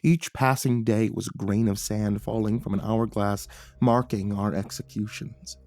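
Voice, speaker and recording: Man narrating a horror story, hushed. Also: lowish voice, steady tone, measured pace, no room sound, clean studio sound.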